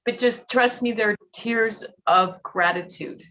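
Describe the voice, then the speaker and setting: Emotional woman speaker, teary, halting and heartfelt, slightly dull line with light background noise. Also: fairly high pitch, fairly bright tone. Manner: emotional, halting, many fillers and restarts. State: teary, sniffling. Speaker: guest speaker at a recovery meeting. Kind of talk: heartfelt personal share.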